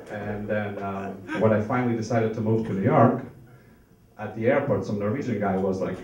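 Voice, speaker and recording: Halting Norwegian-born man doing stand-up. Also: fairly low pitch, steady tone, a crowd in the background. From Norway. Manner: nervous, halting delivery with many fillers. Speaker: stand-up comic. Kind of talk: stand-up comedy set. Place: comedy club stage. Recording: echoey club, mic heard from far. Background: audience laughter.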